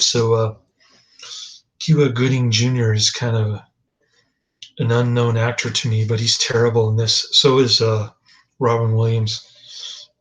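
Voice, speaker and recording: A man's voice: mid-range voice, low-quality recording. A man giving a casual, rambling movie review, hesitant with many fillers and restarts, dry and dismissive.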